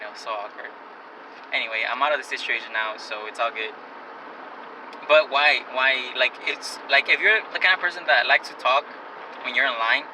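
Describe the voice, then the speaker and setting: A young man vlogging while driving, rambling in a self-conscious, casual way with many restarts. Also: medium pitch. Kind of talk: casual vlog rant. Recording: distant car-interior phone audio with road noise. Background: car and traffic noise.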